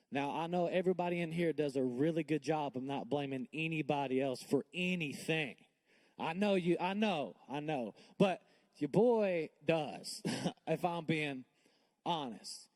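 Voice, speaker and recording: A man's voice: a little high, mellow. A male pastor preaching a sermon in a church, candid and personal, building to emphatic bursts. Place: church sanctuary.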